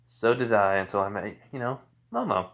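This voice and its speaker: A man voicing a small, timid young girl in a high, soft voice. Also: lively intonation, moderate pace, dull audio. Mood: meek.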